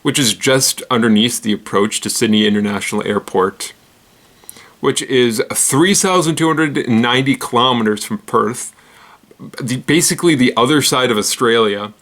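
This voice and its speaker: Guy hosting a goofy news roundup, giggles a lot, trips on words, mid pitch. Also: normal speed, fairly bright tone. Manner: rambling, giggly, self-deprecating. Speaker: host.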